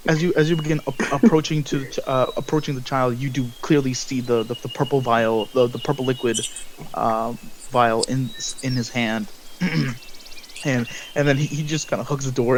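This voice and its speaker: A man narrating as game master in a tabletop game, halting with frequent restarts and fillers. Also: medium pitch, steady tone. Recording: noisy home recording.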